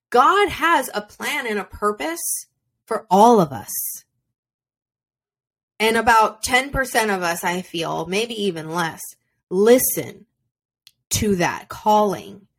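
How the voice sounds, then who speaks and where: A woman's voice: mid-range voice, animated, takes it slowly, long pauses, fairly bright tone. A woman hosting her own podcast, giving a blunt, profane, fired-up motivational monologue, recorded at home without a soundproof room. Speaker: podcast host. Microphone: simple home recording setup.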